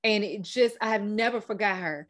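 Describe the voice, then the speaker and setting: A woman's voice: medium pitch, normal speed, a bit bright. A woman hosting a faith-based podcast, telling her story with heartfelt repetition and fillers. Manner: heartfelt testimony, repeats words, fillers. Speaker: podcast host.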